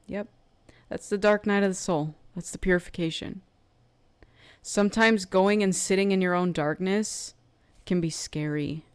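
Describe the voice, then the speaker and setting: A woman's voice: mid-range voice, normal speed, clean tone, dry recording. A woman giving a casual tarot love reading in a chatty way, full of fillers and often acting out what other people think. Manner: chatty, filler-heavy, slips into acting out quoted thoughts. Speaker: tarot card reader.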